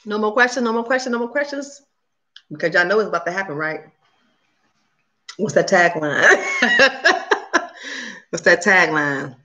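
A woman hosting a livestream in casual, upbeat chat with her viewers. She talks very fast. Her voice is bright and forceful. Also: mid-range voice, big pitch swings. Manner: chatty and upbeat, addresses viewers as "y'all". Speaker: cooking channel host on a livestream.

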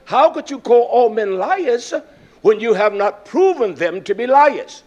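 A man delivers a sermon in a high-pitched voice, taking his time over every phrase. He is emphatic and repeats his points for weight. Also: expressive, darkish tone. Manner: emphatic, repetitive, slow and drawn-out phrasing. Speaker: preacher.

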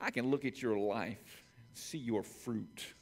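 A man's voice: mid-range voice, unhurried. A male pastor preaching a sermon emphatically, with building repetitions.

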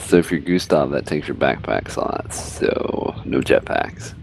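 A man's voice: extremely low pitch, expressive, unhurried, gravelly, very noisy. A man chatting casually while playing a game with friends, with dry, teasing jokes. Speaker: game streamer. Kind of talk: casual gaming chat.

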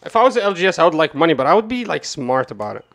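Excitable rambling man opening card boxes. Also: a little high, racing. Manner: rambling, excitable, swears, jumps from calm to loud rants. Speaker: card game streamer. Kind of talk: casual pack-opening commentary to chat.

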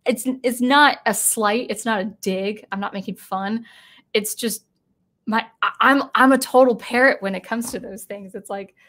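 A woman's voice: a little high, moderate pace, a bit bright. A woman hosting a casual live-stream chat, talking in a rambling way with many restarts and self-corrections. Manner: chatty and reading viewer comments aloud.

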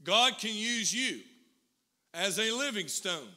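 A man preaching a sermon as pastor, telling a story with rising intensity and emphatic pauses. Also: sits high, lively intonation, pushed and bright. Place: church.

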